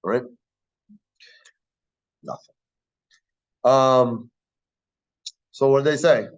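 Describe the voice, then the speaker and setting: Male lecturer, casual and profane, always asking if the class gets it; animated pitch, lo-fi sound. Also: takes it slowly, pauses often. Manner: blunt, profane, keeps checking the class understands.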